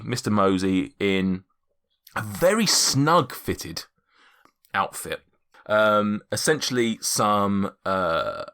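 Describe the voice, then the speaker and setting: A man's voice: on the low side, a bit bright. A man acting as game master, narrating a tabletop game with lots of fillers and restarts. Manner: rambling, with many fillers and restarts.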